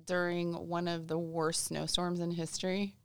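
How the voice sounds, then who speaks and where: An easygoing woman from small-town Illinois chats as a guest. Her low voice is smooth and clear with some vocal fry, recorded dry and close. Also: flat delivery, moderate pace, no echo. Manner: easygoing, laughs often. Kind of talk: casual chat.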